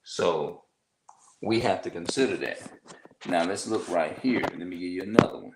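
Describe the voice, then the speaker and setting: A man giving informal religious teaching, halting and repeating himself as he reads from notes. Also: low-pitched, roomy sound, heavy background noise.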